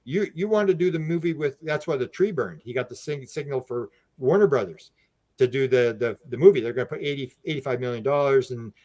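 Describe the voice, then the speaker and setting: Male podcast guest, mid-pitched, lively storyteller who stumbles and repeats himself. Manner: animated, acts out quoted speech with raised voice; halting, frequent restarts and repeated words. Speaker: podcast guest, UFO researcher. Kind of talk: casual storytelling.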